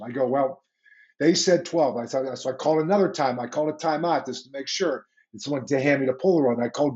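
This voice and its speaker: A man's voice: medium pitch, fast talker, lo-fi sound. A man in his sixties with a Pittsburgh accent, a former football coach telling stories in an interview and acting out the conversations he recalls. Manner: animated anecdotes, acts out quoted exchanges. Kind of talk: storytelling interview.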